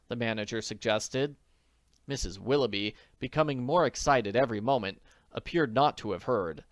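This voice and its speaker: Male audiobook reader, lively intonation, smooth clear voice, dry close recording. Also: medium pitch, normal speed, dry recording. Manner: expressive, animated storytelling. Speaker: audiobook narrator. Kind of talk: audiobook reading.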